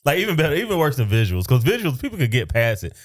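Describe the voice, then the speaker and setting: A man's voice: mid-range voice, wildly swooping pitch, racing. A man with a rural Southern US accent, co-hosting a casual podcast in a laid-back, easygoing manner. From rural South Carolina, US. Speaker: podcast co-host.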